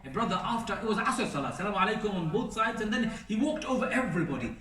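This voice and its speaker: Male preacher, slightly high voice, earnest and emphatic, miked from a distance in an echoey mosque hall. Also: sing-song, fast talker, few pauses, fairly bright tone. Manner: earnest, emphatic lists, sprinkled Arabic phrases. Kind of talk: sermon.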